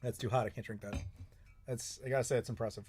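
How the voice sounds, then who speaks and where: A man's voice: mid-range voice, steady tone, fast, a little mellow, faint music behind. A man in his thirties hosting a live stream from home, answering chat questions in a rambling, casual way with some swearing. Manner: rambling, chatty, with frequent swearing and laughs. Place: home in Chicago.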